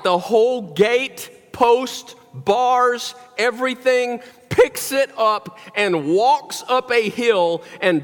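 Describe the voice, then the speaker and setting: A man preaching a sermon, telling a story animatedly with wry, joking asides. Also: high-pitched. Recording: long hall reverb.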